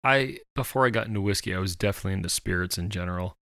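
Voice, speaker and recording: A man's voice: low voice, rapid-fire, pushed and bright, dry recording, studio quality. A man co-hosting a casual podcast chat, rambling with many fillers and restarts. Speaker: podcast co-host.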